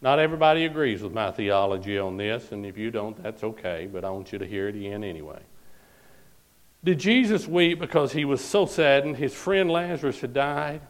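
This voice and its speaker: A man's voice: medium pitch, expressive, brisk, low-quality recording. A man preaching a sermon, reading scripture aloud and pressing each point with repeated phrases and "All right?".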